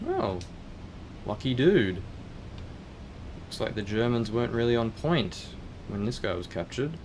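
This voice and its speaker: A man's voice: medium pitch, big pitch swings, a little slow, darkish tone, a little hiss or hum. A man casually commenting on a game as he plays, chatty and thinking aloud, sometimes reading the on-screen text. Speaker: gaming video host.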